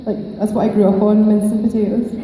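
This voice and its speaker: A woman's voice: mid-range voice, level tone, fast, mellow. A woman, an actress chatting and joking with fans on a convention panel, laughing often into a handheld microphone. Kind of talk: casual, playful panel chat with fans. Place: large convention hall. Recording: echoey hall with long reverb.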